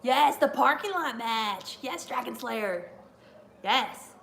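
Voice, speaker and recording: A somewhat high-voiced woman rambles excitably on a live watch-along stream, chatting to her viewers. Her talk is loose and full of fillers, and a faint hum sits under her voice. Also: takes it slowly, creaky. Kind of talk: live reaction chat.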